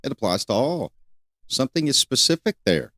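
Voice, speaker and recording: An older man hosting a solo talk show, rambling and repeating questions with many pauses. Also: medium pitch, big pitch swings, sharp tone, no room sound. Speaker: host.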